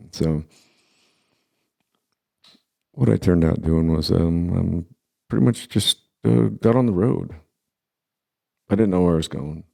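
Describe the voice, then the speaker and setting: A man in his forties telling a personal story casually, halting and restarting as he goes. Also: very deep voice, vocal fry, mellow. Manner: halting, with many pauses and restarts.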